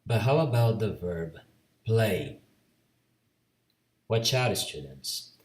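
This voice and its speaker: Slow Brazilian man teaching grammar. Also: fairly low pitch, very animated, echoey room, far from the mic. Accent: Brazilian Portuguese. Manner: slow, deliberate, spells out letters and repeats rules. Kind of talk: slow bilingual grammar lesson.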